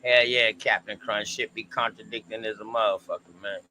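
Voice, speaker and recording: Slangy laid-back guy co-hosting a stream, bright voice, bit of hiss behind. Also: on the low side, level tone, moderate pace, poor audio. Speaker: co-host. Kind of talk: casual history discussion stream.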